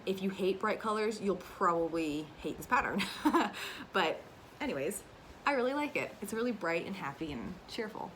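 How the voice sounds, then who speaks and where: A woman's voice: mid-range voice, pushed and bright, slight background noise. A woman in her thirties from the United States, chatting casually and animatedly about her sewing projects and laughing at herself. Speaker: crafting vlogger. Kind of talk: casual chat.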